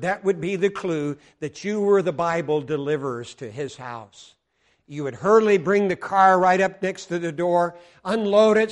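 Animated American preacher with a higher voice. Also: male voice. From Colorado, United States. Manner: animated, swings between loud exclamations and hushed earnest asides. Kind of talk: sermon.

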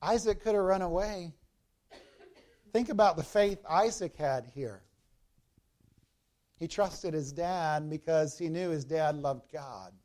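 A man's voice: on the high side, slow pace, pauses often, a little mellow. A man preaching a sermon as a pastor, explaining a Bible passage verse by verse and speaking directly to the congregation.

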